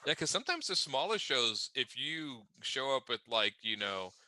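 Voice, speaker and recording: A man co-hosts a casual chat, chatty and teasing. His tone is very bright and his pitch moves a lot. The sound is dry. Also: sing-song, moderate pace, no echo, low-quality recording. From Washington State, USA. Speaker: podcast co-host.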